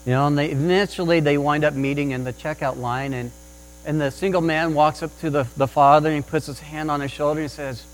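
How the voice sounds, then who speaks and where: A man's voice: on the high side, fairly even intonation, brisk, poor audio. Man preaching a sermon over faint hum. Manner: restarts often, tells anecdotes with acted quotes. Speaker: pastor.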